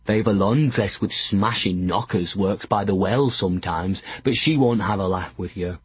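A man's voice: low-pitched, moderate pace, slightly rough, no echo. A man voicing a simple-minded, hulking male fool with a cheerful manner.

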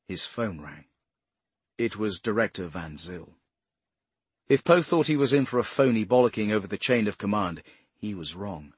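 A man narrating a crime novel as an audiobook, in a steady, measured voice. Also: fairly low pitch, husky, no echo. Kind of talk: scripted narration.

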